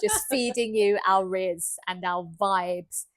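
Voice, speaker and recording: A woman's voice: mid-range voice, takes it slowly. A middle-aged woman co-hosting a podcast in casual chat, rambling and playful, often breaking into giggles. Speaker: podcast co-host.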